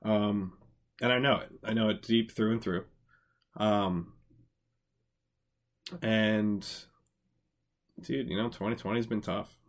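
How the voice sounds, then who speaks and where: Low-voiced young man, profane. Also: slow, long pauses. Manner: profane, excitable, jokey. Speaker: podcast co-host. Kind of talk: casual chat.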